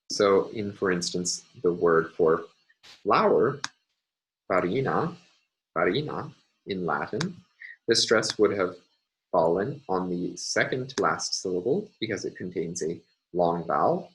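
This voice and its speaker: A man lecturing on phonology, speaking in a measured, halting way with many fillers. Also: deep voice, fairly bright tone, slight background noise, poor audio.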